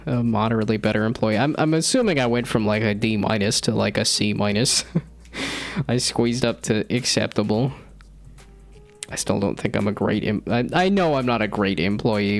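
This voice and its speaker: A man's voice: medium pitch, vocal fry. A man in his thirties chatting casually on a live stream, rambling and self-deprecating, laughing often. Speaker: streamer and hobby game developer.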